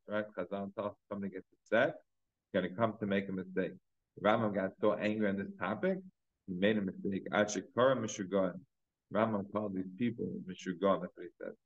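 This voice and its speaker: A rabbi teaches a casual Torah and Talmud class, chatting loosely with many fillers and mixing in Hebrew and Yiddish terms. His voice is fairly low and fairly bright, captured in a dull, lo-fi class recording.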